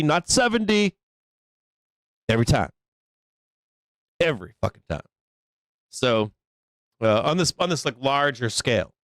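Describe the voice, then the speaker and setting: A man's voice: medium pitch, clean tone, no room sound. Blunt, profane male trading show host. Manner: profane, blunt and emphatic, rambling. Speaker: stock market show host. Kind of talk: casual live trading commentary.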